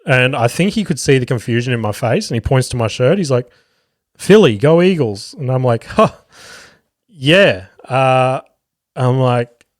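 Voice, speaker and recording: This is a clean studio recording with no room sound, featuring a mid-range, expressive male voice at a moderate pace. The speaker is an Australian comedian in his thirties hosting his own solo podcast, chatting casually and rambling with plenty of swearing, ums and likes.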